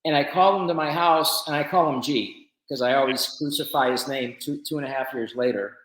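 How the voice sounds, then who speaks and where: A man guest on a podcast, telling a business story in an animated, casual way. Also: mid-range voice, fairly quick, echoey room, low-quality recording. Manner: animated storyteller with shifting loudness.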